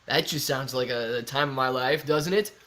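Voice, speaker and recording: A man's voice: mid-range voice, normal speed, fairly bright tone. A young man hosting a casual livestream, joking around and reading viewer comments aloud. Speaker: livestream host.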